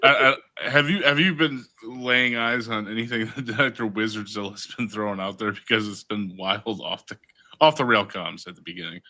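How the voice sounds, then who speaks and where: A man's voice: lowish voice, moderate pace, sharp tone. A man hosting a podcast in casual chat, playful and often laughing, putting on an Irish accent. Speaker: podcast host.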